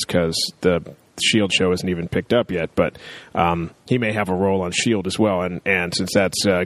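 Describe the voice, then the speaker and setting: Chatty low-voiced man recapping TV. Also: no echo. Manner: chatty, rambling with fillers, acts out quoted lines. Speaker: podcast co-host. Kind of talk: casual TV recap chat.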